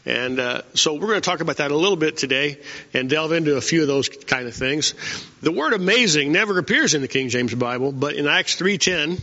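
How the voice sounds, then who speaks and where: A man preaching an informal sermon in a folksy, conversational way, often pausing with "uh". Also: fairly high pitch, lively intonation, sharp tone. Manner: folksy and conversational, many "uh" fillers. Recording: echoey hall, dull lo-fi sound.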